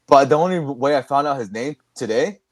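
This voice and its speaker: A man's voice: medium pitch, lively intonation, a little fast, dry recording. A young man hosting a podcast, chatting casually, rambling with restarts and laughing often. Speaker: podcast host. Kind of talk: casual chat.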